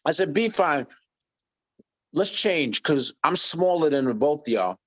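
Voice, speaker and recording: Lively, high-voiced man telling stories. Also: measured pace. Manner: lively anecdotes, acts out quoted voices. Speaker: guest musician. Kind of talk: animated storytelling interview.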